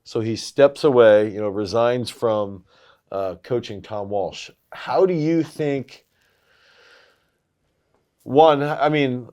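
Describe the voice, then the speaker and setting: A man in his thirties with a low voice co-hosts a throws coaching show. He talks casually and gets loud and animated when he tells a story. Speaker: throws coach, podcast co-host. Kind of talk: casual sports chat.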